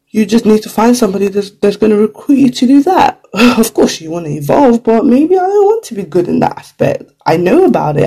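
A vlogger offering career advice talks casually and directly to the camera in a mid-range voice with a husky, gravelly edge. The mood is mellow and dark, sprinkled with "like" and "you know," and now and then a quick acted-out quote pops up.

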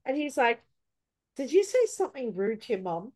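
A woman hosting a casual podcast chat, telling stories and acting out her own reactions. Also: normal speed. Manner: animated, acts out her own past reactions with sudden high cries. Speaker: podcast host.

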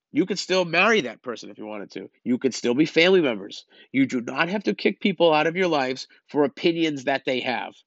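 A man rants bluntly at his listeners, exasperated and lecturing. His voice sits a bit high for a man. The recording is dry and a touch muffled. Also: fairly bright tone, no echo. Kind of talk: opinion rant.

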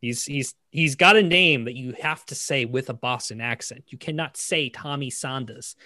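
A man co-hosting a film discussion podcast, talking casually with many fillers and restarts, getting animated as he criticizes. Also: mid-range voice, moderate pace, dry recording, studio quality. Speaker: podcast co-host. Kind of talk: casual film review chat.

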